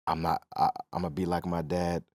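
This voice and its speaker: Low-voiced young man, relaxed podcast chat. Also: normal speed, no echo, studio quality. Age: young adult. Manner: relaxed, affirming, jokes easily. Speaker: podcast co-host.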